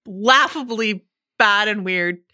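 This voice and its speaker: A woman's voice: medium pitch, takes it slowly, sharp tone, no room sound, studio quality. A woman co-hosting a podcast in casual chat, enthusiastic, laughing often and swearing freely. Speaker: podcast co-host.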